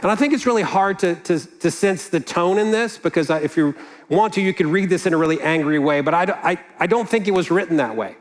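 A man's voice: high-pitched, fast. A man preaching a sermon in an earnest, conversational way, with casual asides. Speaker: pastor.

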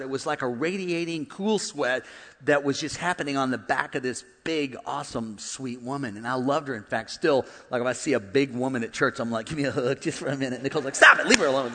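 A man preaching in a large church hall, his voice high and ringing, with a long reverb trailing each line. He swings from hushed, intimate storytelling to loud, shouted exhortation, throwing in jokes as he goes. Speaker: pastor. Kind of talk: comedic sermon.

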